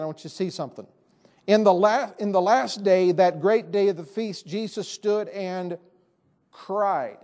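A pastor preaches to his church in a high-pitched man's voice. He presses his points hard and repeats his key lines for emphasis. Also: a little mellow. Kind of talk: sermon. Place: church sanctuary.

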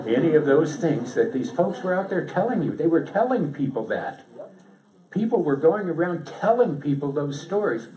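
A man giving a seminar presentation to an audience, lively and joking in a conversational way. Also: medium pitch, fairly quick. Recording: echoey room, distant mic.

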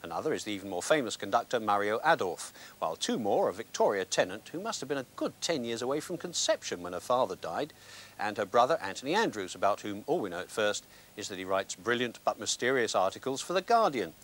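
A British man presents scripted film reviews with a dry, sardonic wit. His voice sits low, but his pitch swoops expressively as he lands his jokes. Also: big pitch swings, fast, a bit bright.

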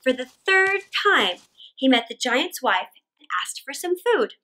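A woman reading a classic fairy tale aloud for children, expressive and animated, with dramatic gasps. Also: sits high, a little slow. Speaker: children's storyteller. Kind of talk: read-aloud storytelling for children.

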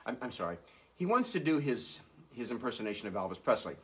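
A man's voice: medium pitch, fast. A man from Nebraska, a ventriloquist, hosting a live puppet show for children in a playful way. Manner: playful, animated, talking to kids.

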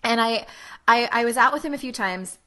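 A woman's voice: on the high side, brisk, bright, forceful tone. A woman in her forties hosting a podcast, chatting candidly and laughing at herself. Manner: candid, laughing, self-deprecating. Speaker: podcast host. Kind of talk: casual podcast chat.

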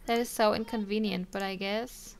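A woman's voice: mid-range voice, steady tone, moderate pace, vocal fry, a little hiss or hum. A young woman casually commenting on her life-simulation game, chatting to her characters with frequent ums and little laughs. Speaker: let's play streamer.

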